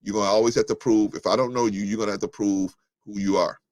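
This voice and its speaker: Blunt low-voiced male talk show host. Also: steady tone, quick pace, darkish tone, no echo. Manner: blunt and combative, rising sharply when heated; restarts and fillers, thinking aloud. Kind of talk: live call-in talk show, reading chat comments.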